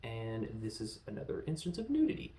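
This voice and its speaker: A man in his thirties hosting a casual movie review, rambling and animated, slipping into quoted lines as he goes. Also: on the low side, brisk, reverberant. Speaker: podcast host reviewing films.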